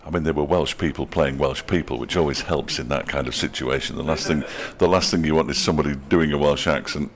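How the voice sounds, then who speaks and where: Very deep-voiced wry cricket commentator man. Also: quick pace, hardly any pauses. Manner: dry, wry asides between deliveries. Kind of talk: radio ball-by-ball commentary.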